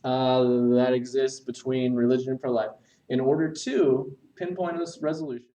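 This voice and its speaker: A man teaching essay structure, talking while he writes on a board and pausing to correct himself. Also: mid-range voice, steady tone, mellow, distant mic, low-quality recording. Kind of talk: recorded writing lesson.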